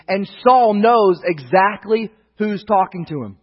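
A man preaching a sermon as pastor, stressing key phrases slowly and loudly, then dropping low and quiet for asides. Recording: dull lo-fi sound with long reverb.

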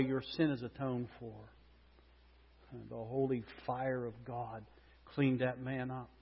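A man preaching a sermon, moving between loud proclamation and hushed intensity. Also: mid-range voice, breathy edge. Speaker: pastor. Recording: muffled sound with long hall reverb.

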